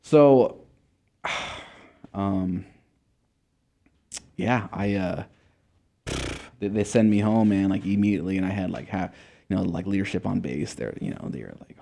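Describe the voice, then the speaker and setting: A man's voice: low voice, a little slow, gravelly, long pauses, dark tone, a little hiss or hum. A young man from Montana, a guest in a casual interview, telling his story in a laid-back way, with lots of swearing and filler words. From Montana, USA.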